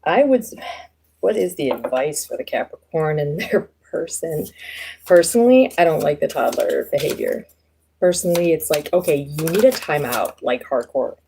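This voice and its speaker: A woman's voice: low voice, big pitch swings, moderate pace, gravelly, dark tone, a little hiss or hum. A woman doing a casual live tarot reading, chatting loosely to viewers with lots of fillers and easy laughs. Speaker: tarot reader.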